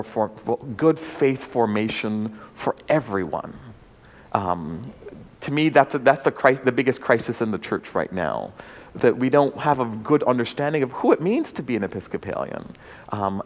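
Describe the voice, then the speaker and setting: A man, a bishop, giving an earnest, reflective talk to a forum audience, with frequent "um"s and small restarts. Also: medium pitch. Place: church forum hall. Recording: long hall reverb.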